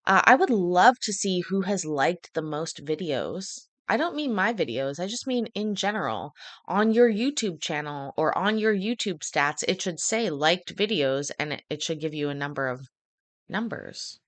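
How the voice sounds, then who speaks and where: A woman's voice: fairly low pitch, expressive, normal speed, fairly bright tone, no echo. A woman streamer casually telling a rambling, profane story to her live stream.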